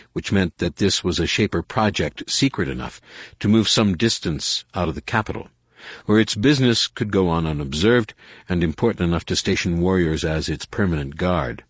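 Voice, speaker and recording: A man reading a novel aloud as an audiobook narrator, with measured, expressive delivery. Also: sits low, slightly rough, dry recording, clean studio sound. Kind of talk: scripted narration.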